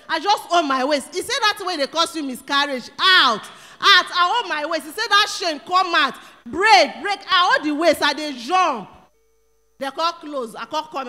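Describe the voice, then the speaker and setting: A woman with a Nigerian Pidgin accent giving an animated testimony in church, acting out quotes and breaking into exclamations. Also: high-pitched, big-room sound. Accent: Nigerian Pidgin English. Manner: storytelling that acts out quotes, rising to exclamations. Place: church hall.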